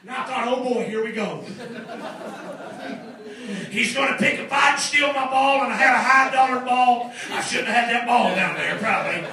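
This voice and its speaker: A middle-aged man preaching a sermon as a story, exuberant, laughing often and breaking into shouted praise. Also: very high-pitched, a little fast, hardly any pauses, crowd noise. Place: large church hall. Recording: echoey church, distant mic, congregation. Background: congregation responding.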